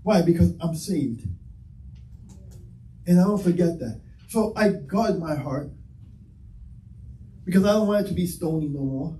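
A pastor with a high voice preaches to his congregation, moving between plain talk and acted-out back-and-forth. He sounds set back from the mic in an echoey church hall, with faint ambience behind him. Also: expressive, a little slow, long pauses, warm tone, distant mic. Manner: impassioned, conversational preaching with acted-out dialogue. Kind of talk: sermon. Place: church sanctuary.

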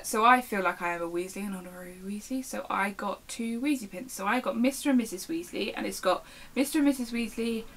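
A woman's voice: mid-range voice, a bit bright, slight background noise, rough recording. A young woman, chatting casually to the camera at home in a rambling, self-interrupting way. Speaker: vlogger. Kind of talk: casual show-and-tell chat.

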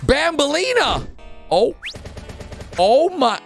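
A man hosting a reaction video, excitably narrating what he sees and laughing often. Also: very high voice, slow, creaky, faint music behind. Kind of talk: casual reaction commentary.

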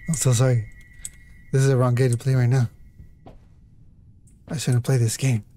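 A man's voice: medium pitch, level tone, moderate pace, warm tone, slight background noise. A man doing let's play commentary on a horror game, jumpy and apologetic, with nervous laughs and a lot of swearing. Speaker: gamer.

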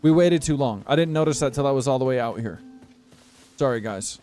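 A man's voice: medium pitch, moderate pace, long pauses, a little mellow, soft background music. A young man live-streaming a game, chatting casually with viewers and swearing in exasperation. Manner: profane, exasperated banter with chat. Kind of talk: casual gameplay commentary.

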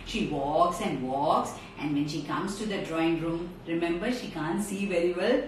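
A woman telling a story to children in an animated, direct way, streamed live from a phone. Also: fairly low pitch, normal speed. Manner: animated, talks straight to children. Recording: echoey room, far from mic, faint noise.

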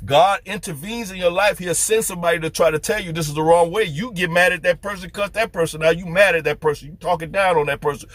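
Husky-voiced fervent male street preacher. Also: on the high side. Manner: fervent, rhetorical questions. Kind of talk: preaching to camera.

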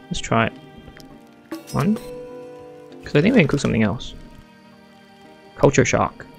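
Gravelly-voiced man, excitable gamer thinking aloud, soft game music behind. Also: medium pitch, measured pace. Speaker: gamer playing a strategy game. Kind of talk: casual let's-play commentary.

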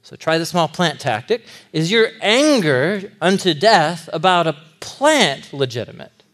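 A man in his thirties with a slightly high voice and a somewhat slow pace teaches the Bible to a group. His lesson is lively and comic, sermon-like, and he laughs often while retelling the story.

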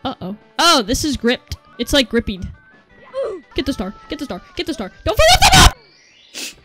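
A woman's voice: sits high, sing-song, moderate pace, sharp tone, husky. A young woman playing a video game, commenting casually, swearing often and yelping and laughing at her mishaps. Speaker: gameplay streamer. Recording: faint game music behind.

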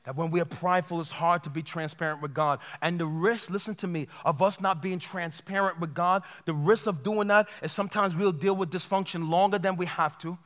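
High-voiced impassioned male preacher. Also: fairly even intonation, a little fast, few pauses, a bit bright. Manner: impassioned preaching, acts out heartfelt prayers. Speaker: pastor. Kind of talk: sermon. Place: large church auditorium. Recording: long church hall reverb.

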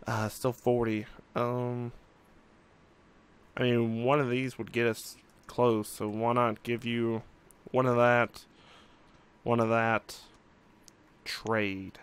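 A young man talks through a strategy game at an unhurried pace, wondering aloud and trailing off with "um" and "uh" as he weighs each choice. His voice is smooth and clear, and his pitch sits in an ordinary middle range. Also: level tone. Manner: musing, thinking aloud with frequent fillers. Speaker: let's play host. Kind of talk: casual gameplay commentary.

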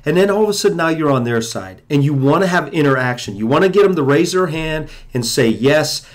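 A man's voice: a little high, animated, brisk. A man coaching chiropractors on running a weight loss workshop, emphatically acting out exchanges with the audience. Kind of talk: teaching a seminar.

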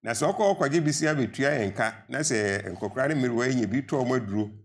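A man's voice: medium pitch, expressive, fast. An older man with a Ghanaian accent, a pensioner guest in a studio panel debate, arguing earnestly and rising to emphatic appeals.

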